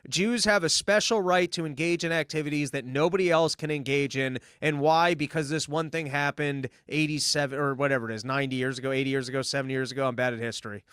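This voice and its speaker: A man argues politics on a podcast, building his case one point at a time. His voice sits a touch high and comes through smooth and resonant. The sound is close and dry, with no room around it. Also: steady tone, quick pace, hardly any pauses, fairly bright tone, no room sound. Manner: argumentative, lays out points step by step. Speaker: podcast host. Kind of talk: political debate conversation.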